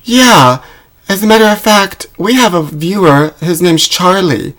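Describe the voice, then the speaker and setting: Low-voiced woman doing comic banter. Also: unhurried, a bit bright. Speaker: comedy podcast co-host.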